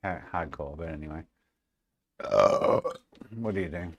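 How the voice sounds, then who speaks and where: A man's voice: extremely low pitch, measured pace, dry recording. An Australian man chatting casually and sarcastically with viewers on a live stream, swearing freely. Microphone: desk microphone.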